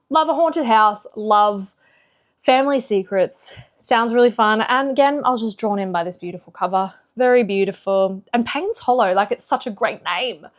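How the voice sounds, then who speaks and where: A woman book vlogger in casual chat, chatty and animated with lots of fillers. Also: medium pitch. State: slightly out of breath.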